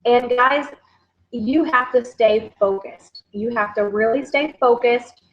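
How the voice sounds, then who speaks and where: A fairly high-voiced woman, rallying her team with quick, repetitive pep talk. The sound is dull and lo-fi, like a home livestream. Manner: energetic, repetitive, keeps addressing listeners as "guys". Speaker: network marketing team leader. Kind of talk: motivational livestream recap.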